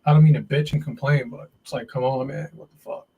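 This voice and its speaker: A man's voice: medium pitch, fairly even intonation, quick pace, vocal fry, dull audio, heavy background noise. A man hosting a live day trading stream, talking to himself and viewers as he trades, often frustrated and swearing.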